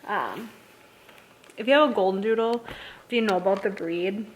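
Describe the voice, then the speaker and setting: A woman's voice: medium pitch, moderate pace, a little hiss or hum. A young pregnant woman chatting casually in a vlog, rambling and self-deprecating. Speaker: vlogger.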